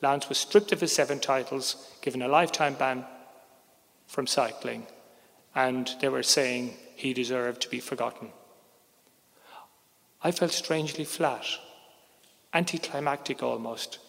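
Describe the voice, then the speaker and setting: A middle-aged man, a sports journalist, telling a first-person story in a wry, measured way that drops quietly on heavy moments. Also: mid-range voice, vocal fry. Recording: long reverb, hall-like.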